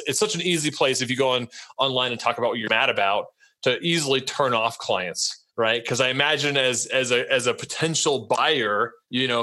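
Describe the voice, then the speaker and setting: Guy hosting a podcast, bright sharp voice, rambly, keeps asking right?. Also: mid-range voice. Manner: rambling, conversational, many tag questions. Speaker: podcast host. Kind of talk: casual interview chat.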